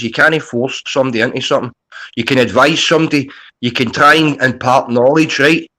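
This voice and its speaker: A man in casual chat, calm and reasoning, reassuring his friend. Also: mid-range voice, rough recording.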